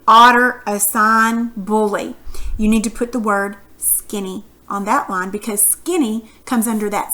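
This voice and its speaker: Woman teacher, bright tone, slightly high, patient and encouraging. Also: a little hiss or hum. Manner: patient, encouraging, asks questions. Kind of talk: recorded phonics lesson for students.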